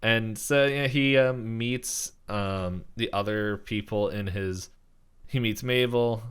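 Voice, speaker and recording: A young man co-hosting a podcast with a smooth, slightly low voice. He rambles through an episode recap in an easy, chatty way, laughing as he goes. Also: takes it slowly, a bit bright. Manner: rambling, many fillers, laughs while talking. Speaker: podcast co-host. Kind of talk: casual episode recap chat.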